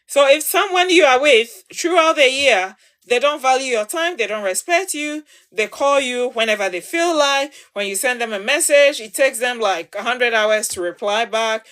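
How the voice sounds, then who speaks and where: A woman with a high, bright voice speaks straight to her followers as a livestream host. She lectures in an emphatic, preachy way and hammers her points by repeating words. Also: moderate pace. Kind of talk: advice talk to followers.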